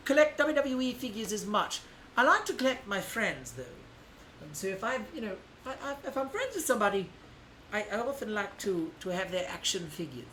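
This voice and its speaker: A man hosting a casual livestream while unboxing toys, talking in an animated, rambling way full of self-corrections. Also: high voice, a little fast, a little hiss or hum, poor audio. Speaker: streamer and host.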